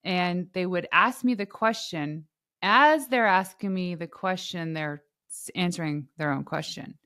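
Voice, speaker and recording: A woman hosting a podcast in casual interview chat, animated and laughing often as she acts out what others said. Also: fairly low pitch, a little slow, dry recording, clean studio sound. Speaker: podcast host.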